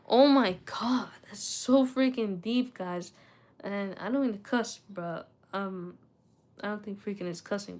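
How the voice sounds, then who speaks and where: A woman's voice: mid-range voice, darkish tone. A young woman chatting casually to her viewers and reading a book aloud, with retainers in her mouth that slightly thicken her speech, stumbling and restarting as she goes. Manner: chatty, self-talking, reads aloud with stumbles. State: talking with retainers in. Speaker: study vlogger.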